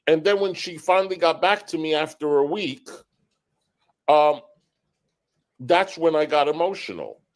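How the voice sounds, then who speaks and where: A man with a slightly raised voice recounts a grievance on a streamed panel. He sounds aggrieved and animated, acting out the back-and-forth lines of the people he quarrelled with. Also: a little high, unhurried, pauses often, rough recording. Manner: aggrieved, animated, acts out quoted dialogue. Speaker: panel guest. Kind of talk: heated storytelling on a stream panel.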